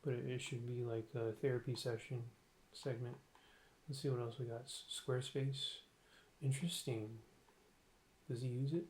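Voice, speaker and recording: A man reacts to videos in a casual, offhand way and drops wry asides. His voice sits at an ordinary medium pitch. A faint hum runs under the recording. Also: steady tone, moderate pace, pauses often, a little mellow.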